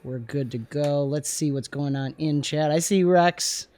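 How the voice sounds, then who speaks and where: A man hosting a tabletop game livestream from a studio, upbeat and laughing often between quick asides. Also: a little high, a little mellow. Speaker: host. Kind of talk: livestream game intro chat. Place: gaming studio.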